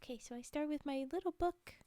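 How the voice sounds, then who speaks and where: Soft, high-voiced giggly woman streamer. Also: fast talker, no echo. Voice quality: soft-spoken, often drops to a whisper. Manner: giggly and playful. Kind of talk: ASMR stream chat with viewers.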